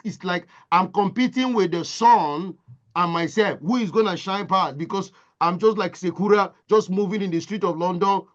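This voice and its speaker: A man's voice: high voice, highs cut off. A man from Nigeria, giving a motivational talk as impassioned storytelling with emphatic repetition. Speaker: motivational speaker.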